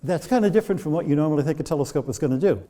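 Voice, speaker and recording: A man's voice: fairly high pitch, expressive, rapid-fire, warm tone, in a large hall. A man guiding a tour of old observatory telescopes, explaining with chatty anecdotes. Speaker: observatory guide. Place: inside old observatory domes.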